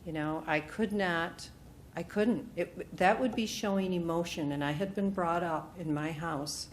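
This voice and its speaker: A woman speaker at a retreat, telling a personal story in an animated way and acting out what others said. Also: on the low side, measured pace, a little hiss or hum. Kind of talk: personal testimony talk. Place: retreat meeting room.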